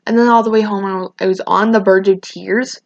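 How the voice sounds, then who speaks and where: A woman's voice: medium pitch, steady tone, brisk, vocal fry, a little mellow, dry recording. A teenage girl telling a casual, rambling storytime rant, often restarting her sentences and sounding emotional. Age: teens. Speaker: vlogger. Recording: dull lo-fi sound.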